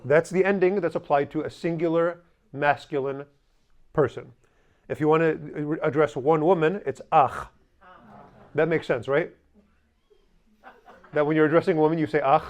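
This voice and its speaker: A man's voice: a little high, fairly even intonation, normal speed, pauses often, darkish tone. A man teaching a language class, drilling phrases with the students and adding joking asides.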